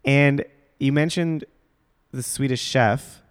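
A man's voice: medium pitch, fairly even intonation, slow pace, clear, resonant tone. A man hosting a wedding podcast as the planner, chatty and teasing, laughing often. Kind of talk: casual podcast chat.

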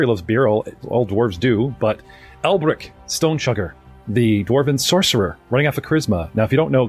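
This man has a medium-pitched voice with a breathy edge. A North American game master and podcast host, he's running a live-streamed tabletop game, chatting and rambling as he introduces his players.

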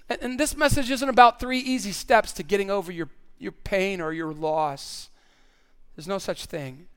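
A man's voice: high voice, normal speed, clear, resonant tone. A male pastor preaching a sermon in an earnest way, often repeating words as he stresses a point.

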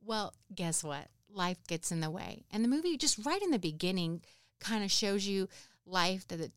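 A woman's voice: medium pitch, animated, moderate pace, a bit bright, clear, resonant tone, no room sound, studio quality. A woman in her thirties hosting a podcast, talking in an earnest, encouraging way that rambles with restarts as she reflects on life. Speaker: podcast host. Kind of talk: reflective personal talk.

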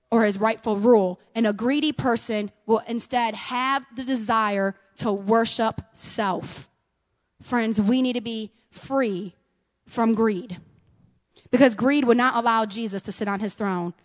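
A middle-aged woman preaching a sermon, earnest, calling her listeners friends and rising to loud fervor. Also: fairly high pitch, in a large hall.

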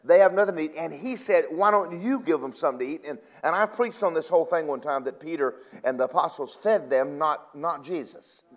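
A male preacher paraphrases scripture in a relaxed, conversational way during his sermon. His voice is on the high side, and he mixes emphatic, loud bursts with quiet, drawn-out asides.

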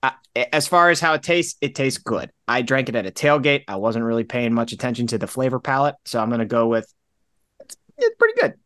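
A man's voice: medium pitch, fast, hardly any pauses, sharp tone, no room sound, studio quality. A man co-hosting a casual podcast, joking in an easygoing way. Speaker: podcast co-host. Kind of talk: casual chat.

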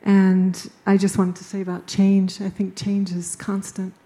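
A woman's voice: mid-range voice, monotone, measured pace, warm tone. A woman speaking casually and spontaneously as a panel participant, laughing often between phrases.

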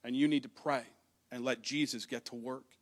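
A man's voice: mid-range voice, steady tone, moderate pace. A man preaching a sermon to a congregation, reading scripture aloud and explaining it in a conversational way. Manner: addresses the congregation directly. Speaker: pastor. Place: church hall with congregation.

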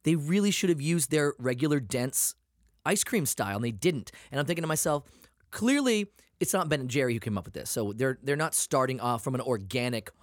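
A man's voice: medium pitch, brisk, no room sound. Guy ranting and telling stories on a podcast, swears a lot, voice bounces all over, dry close sound. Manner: profane, animated storyteller. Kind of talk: casual chat.

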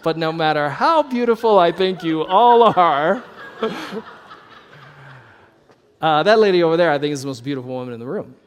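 A man's voice: a little high, lively intonation, moderate pace, pauses often, big-room sound. A man preaching a sermon as pastor, talking conversationally with joking asides and frequent laughs. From North Idaho.

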